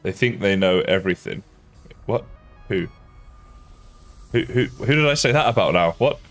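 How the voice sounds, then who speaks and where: A young man talks through a live game stream in a loose, rambling way, often laughing at his own jokes. His voice sits on the low side. Faint music plays under his desk-mic chatter. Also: expressive, normal speed, fairly bright tone. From England. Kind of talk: casual live-stream chat while gaming.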